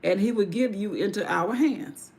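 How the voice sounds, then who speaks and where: A woman's voice: mid-range voice, moderate pace, darkish tone. A woman hosting a livestream, retelling a Bible story in casual everyday speech with asides. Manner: casual vernacular with restarts and asides. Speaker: livestream host.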